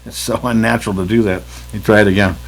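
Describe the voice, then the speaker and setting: A man teaching jazz articulation in a plain-spoken, emphatic way. He often clears his throat and scats rhythms to show a point. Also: lowish voice, steady tone, quick pace, over loud music, poor audio. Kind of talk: instructional demonstration.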